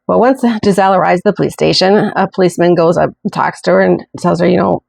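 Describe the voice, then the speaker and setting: A woman's voice: fairly low pitch, fast, gravelly, hardly any pauses, darkish tone, dry recording. A woman hosting a podcast, telling a true-crime story in a chatty way with indignant asides. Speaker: podcast host.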